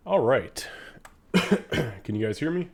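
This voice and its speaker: A man's voice: mid-range voice, big pitch swings, slow, slightly rough. A man with a nasal, stuffed-up voice from a head cold, hosting a tabletop game stream in a loose, rambling way. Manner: loose, rambling, with fillers and swearing. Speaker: game master. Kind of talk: casual live-stream chat.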